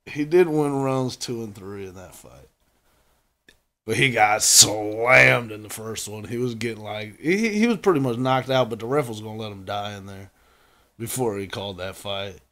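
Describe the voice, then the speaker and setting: A man co-hosting a casual sports podcast, talking in an animated way and laughing often. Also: lowish voice, normal speed. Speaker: podcast co-host. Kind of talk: casual chat.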